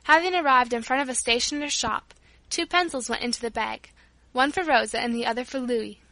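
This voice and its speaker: A woman narrating a storybook as an audiobook, reading in a clear, expressive way. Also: a little high, a little fast, no echo.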